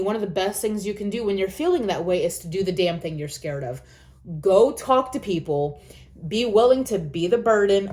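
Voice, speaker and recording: A woman's voice: fairly low pitch, a little mellow. A woman talking earnestly to camera, giving encouraging advice and repeating phrases for emphasis. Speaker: vlogger. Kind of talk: reflective personal talk.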